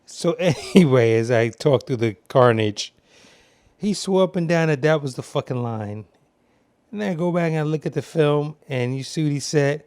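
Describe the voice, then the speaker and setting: A man's voice: fairly high pitch, expressive, normal speed, darkish tone, clean tone, no echo. Profane, rambling man with a raised voice. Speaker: film commentator. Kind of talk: casual film commentary.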